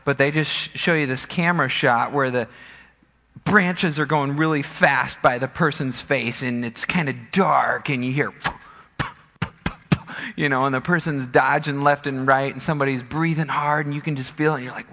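A man preaching a sermon as pastor, an animated storyteller who acts out scenes. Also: mid-range voice, normal speed. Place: church sanctuary. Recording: long church hall reverb.

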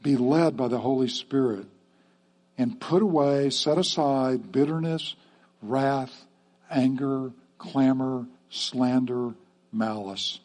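A man's voice: mid-range voice, slow pace, a little mellow. A man preaching a sermon to his church in a conversational way, often checking in with the congregation with "okay?". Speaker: pastor.

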